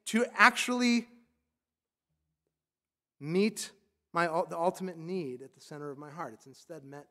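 A man's voice: a little high, a little slow, long pauses, pushed and bright. A man preaching a sermon as a pastor, emphatic and loose, often saying "like".

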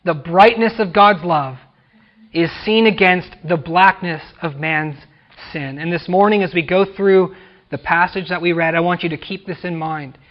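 A man with a high voice preaches a sermon, pressing hard on key words and falling away to near-hush at phrase ends. The recording sounds muffled and lo-fi, as from a church. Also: moderate pace. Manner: emphatic preaching, rising and dropping to near-whisper. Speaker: pastor.

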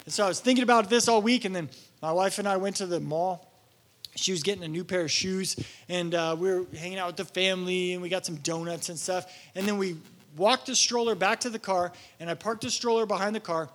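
A man's voice: high-pitched, fairly even intonation, fairly quick, a bit bright. A young man preaching a sermon as pastor, telling stories animatedly and acting out his own exasperation.

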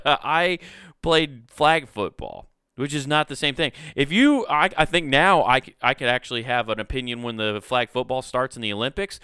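A man's voice: medium pitch, bright, forceful tone, smooth, dry recording, clean studio sound. A man in his thirties hosting a solo podcast, rambling and profane, mocking himself and laughing often. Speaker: podcast host. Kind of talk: casual solo podcast rant.

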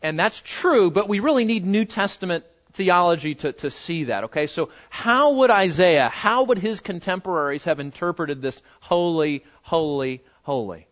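A man delivers a sermon in a rather high voice, hammering points home by repeating words and throwing questions at his listeners. The recording sounds a little dull and lo-fi. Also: animated, normal speed, hardly any pauses, fairly bright tone. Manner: emphatic, repeats words for stress, asks the audience questions. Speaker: pastor.

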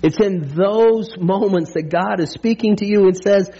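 High-voiced man preaching a lively sermon. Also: unhurried, few pauses, slightly rough. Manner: energetic and conversational, with frequent "right?" asides; playful humor and pop-culture jokes. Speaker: pastor. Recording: dull lo-fi sermon recording.

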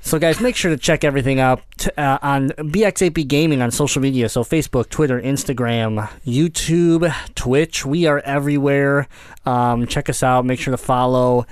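A man hosting a casual retro gaming podcast, laughing often and reading ads briskly. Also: mid-range voice, smooth, no echo. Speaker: podcast host.

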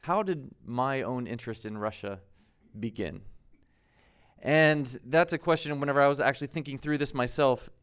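A man's voice: mid-range voice, normal speed, clean tone. A man in his thirties from the United States, preaching a conversational sermon as pastor, laughing at himself now and then.

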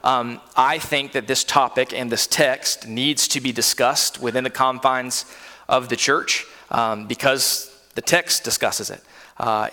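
This pastor, a man in his thirties, has a fairly high voice that comes across pushed and bright. His sermon in the church sanctuary is earnest and conversational, full of fillers and restarts, with long hall reverb on the recording.

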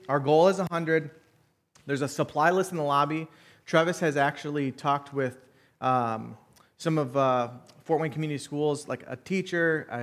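A man's voice: on the high side, a bit bright. A man in his thirties, a church elder giving announcements and an earnest, emotional sermon with fillers and restarts. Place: church sanctuary.

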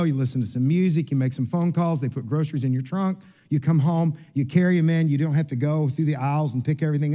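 A man's voice: fairly high pitch, warm tone. A middle-aged male pastor preaching a sermon, telling humorous stories about himself and often repeating words as he restarts. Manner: storytelling with humorous asides and self-mockery.

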